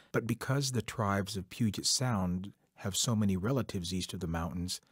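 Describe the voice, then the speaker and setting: A man telling a traditional folk tale in a rhythmic, repetitive, measured way. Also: on the low side, darkish tone, breathy edge, no echo, studio quality. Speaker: storyteller. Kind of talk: oral folk-tale storytelling.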